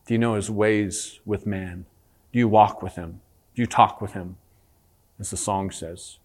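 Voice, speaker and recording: Homem pastor pregando com fervor. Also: male voice, lowish voice, measured pace. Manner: earnest preaching, rising for emphasis, animated storytelling. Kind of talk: sermon. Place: church.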